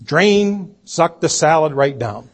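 A man preaching a sermon, telling a story slowly and deliberately and acting out the quoted voices. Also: a little high, animated. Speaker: pastor.

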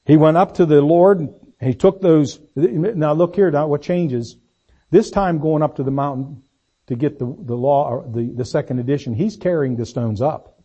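A man preaching a sermon, swinging between loud slow emphasis and low quiet asides. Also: husky. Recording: dull lo-fi recording.

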